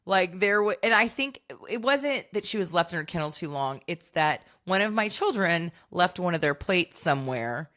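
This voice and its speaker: A woman's voice: fairly low pitch, expressive, normal speed, few pauses, a bit bright. A woman in her thirties co-hosting a podcast, telling rambling stories in a casual chat and laughing often. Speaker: podcast co-host.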